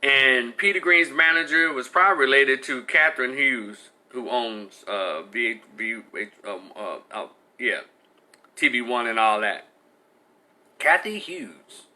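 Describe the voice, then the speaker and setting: Bright-voiced man ranting bluntly. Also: medium pitch, measured pace. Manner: blunt, profane, exasperated. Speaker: commentator. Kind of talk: heated opinion rant.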